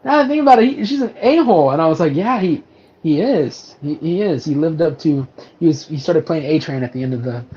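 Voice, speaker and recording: A man's voice: mid-range voice, darkish tone, lo-fi sound. A man co-hosting a casual movie review podcast, animatedly retelling scenes with acted-out quotes and lots of fillers. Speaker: podcast co-host.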